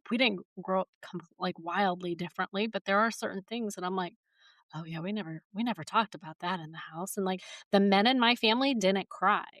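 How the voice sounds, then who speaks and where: A woman's voice: mid-range voice, fairly bright tone, no room sound, clean studio sound. A woman in her forties hosting a podcast, chatting casually and laughing often. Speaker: podcast host. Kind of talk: casual conversation.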